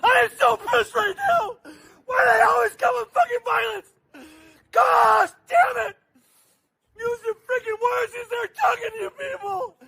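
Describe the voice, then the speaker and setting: A man yelling through tears from inside his car, his voice cracking up into a very high, gravelly, piercing shriek. He sobs and shouts in furious bursts. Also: unhurried, rough recording. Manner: ranting and yelling, sobbing. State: crying while shouting. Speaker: angry bystander filmed in a car. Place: inside a car while driving.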